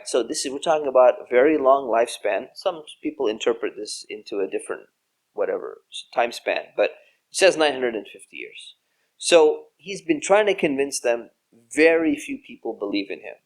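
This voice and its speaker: Guy preaching a story lecture, kinda high voice, acts out all the quotes. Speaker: Islamic lecturer.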